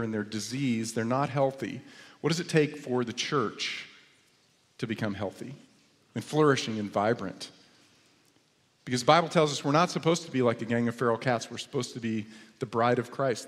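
A middle-aged male pastor preaching a sermon, telling stories with humor and rising into lively exclamations. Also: mid-range voice. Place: church sanctuary. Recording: long reverb of a church hall.

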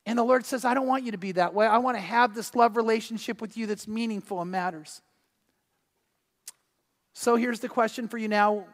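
Older male pastor, high earnest voice. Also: a little fast. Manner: earnest storytelling, drops soft and quiet for personal stories. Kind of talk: sermon.

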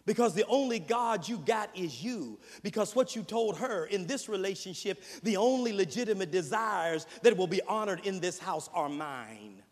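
High-voiced preacher in a reverberant hall. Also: male voice, expressive, normal speed, hardly any pauses. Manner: builds from quiet, low passages to loud, high-pitched preaching cries. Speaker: preacher, seminary dean. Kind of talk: sermon. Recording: long reverb of a large hall.

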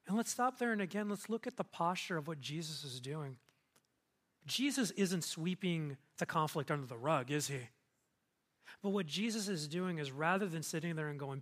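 A man's voice: on the high side, expressive, moderate pace, fairly bright tone. A man preaching a sermon as pastor, conversational and earnest, turning emphatic at times.

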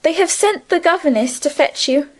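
A woman reading the part of a gentle, affectionate schoolgirl friend, earnest and soothing, in a higher voice than her narration. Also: moderate pace. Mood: tender. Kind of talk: audiobook character reading.

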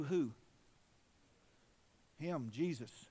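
A man pastor preaching a sermon, fervent and building to emphatic, loud declarations. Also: a little high, moderate pace, pauses often. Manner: fervent, rising to emphatic shouts.

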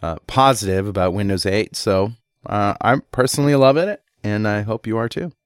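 A man with a lowish voice co-hosting a tech podcast, upbeat as he runs through a countdown list. The recording is dry with no room sound. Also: normal speed, clear, resonant tone, no room sound. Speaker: co-host. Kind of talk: casual podcast chat.

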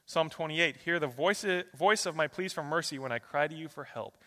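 A male pastor preaching a sermon, his delivery swinging between loud rapid bursts and soft slow passages as he runs through a long string of scripture verses. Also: a little high, long reverb tail. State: out of breath.

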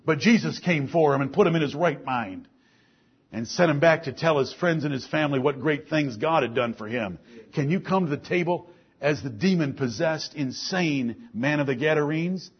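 Husky guy preaching, lots of questions at the crowd, muffled lo-fi sound. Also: normal speed. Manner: rhetorical questions, swings from soft to loud and high. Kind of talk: sermon.

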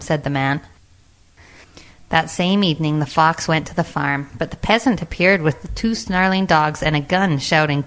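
A woman narrating a fairy tale aloud in an even, clear telling. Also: sits low, normal speed. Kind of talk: storybook reading aloud.

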